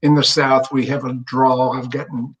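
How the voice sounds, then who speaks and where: A man from the American South co-hosts the chat. His manner is friendly and lightly teasing as he talks in a relaxed, conversational way. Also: mid-range voice, normal speed. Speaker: co-host. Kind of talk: casual chat.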